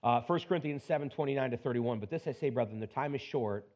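Male pastor, conversational preaching with animated storytelling, mid-pitched, slightly dull lo-fi sound. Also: quick pace. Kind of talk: sermon with scripture reading.

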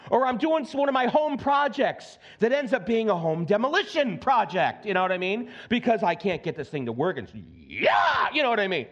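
A man's voice: very high-pitched, muffled recording. A male pastor preaching a sermon in a conversational, joking way, with frequent asides and repeated phrases for emphasis.

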